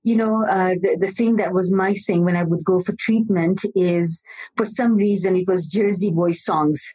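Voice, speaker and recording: A woman's voice: fairly low pitch, steady tone, normal speed, dark tone, slightly rough, rough recording. A woman hosting an interview, encouraging and prompting her guest with questions. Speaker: host.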